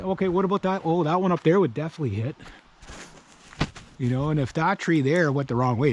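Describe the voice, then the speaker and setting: A man's voice: on the high side, a little mellow, slight background noise. Chatty middle-aged man rambling outdoors. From Canada. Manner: rambling, chatty, with asides and swearing. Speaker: vlogger. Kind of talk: casual walkaround explainer. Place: outdoors in a wooded yard.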